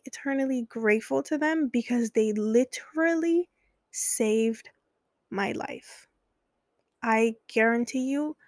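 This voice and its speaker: A woman's voice: fairly high pitch, gravelly, no room sound, clean studio sound. Candid young woman telling her story. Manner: candid, conversational, many fillers. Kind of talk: personal storytelling.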